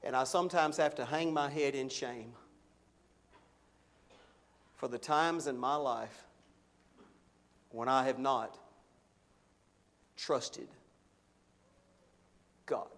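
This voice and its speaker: A middle-aged man preaching a sermon, slowing and swelling on key words for emphasis. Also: medium pitch, fairly bright tone. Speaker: pastor.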